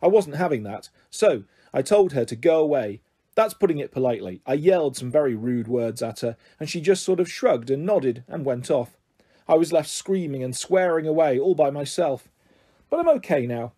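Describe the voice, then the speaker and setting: Husky, mellow-voiced man reading a story. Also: on the high side, normal speed. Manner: lively, expressive narration. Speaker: story reader. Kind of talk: reading a children's book aloud.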